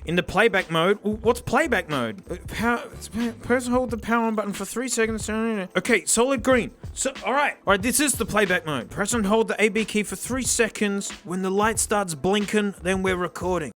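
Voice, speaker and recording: A man with a raspy, hoarse voice, unboxing a gadget in an excitable, mock-dramatic way. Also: high-pitched, moderate pace, few pauses. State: hoarse from yelling. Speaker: tech reviewer host. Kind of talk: casual gadget unboxing review.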